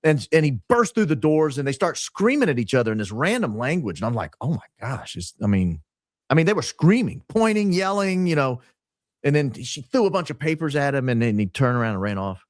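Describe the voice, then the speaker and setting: A man's voice: a little high, sing-song, a little fast, dry recording, clean studio sound. A man in his forties, a podcaster and former radio host, chatting animatedly as an interview guest, telling stories with frequent restarts. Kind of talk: casual interview talk.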